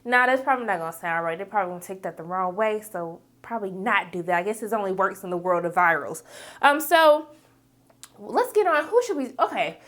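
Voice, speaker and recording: A woman's voice: mid-range voice, lively intonation, a little fast, a bit bright. A woman giving a casual, chatty recap of a TV episode, calling her viewers "y'all" and acting out the characters' lines. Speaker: TV episode reviewer.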